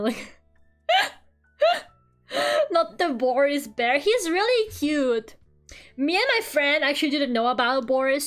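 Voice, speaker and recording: A woman's voice: high voice, a bit bright. A woman streaming while she draws, chatting in a rambling way, swearing freely and laughing often. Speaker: streamer drawing live. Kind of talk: casual chat while drawing.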